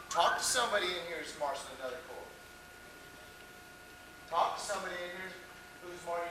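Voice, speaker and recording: A man instructing a drum and bugle corps in stern rehearsal instruction, firm and lecturing as he counts off and sings out rhythms, recorded in an indoor rehearsal room on old tape. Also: high voice. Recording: echoey room, far mic, hissy old tape.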